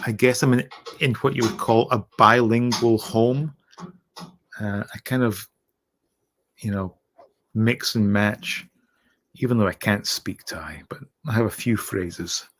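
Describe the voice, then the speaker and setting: A Scottish man with an accent softened by years abroad, hosting a late-night livestream and reading out viewer comments in a rambling, halting way. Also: mid-range voice. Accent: Scottish, softened by years in North America. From Scotland. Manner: rambling, halting, lots of uh and restarts, thanks viewers. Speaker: livestream host.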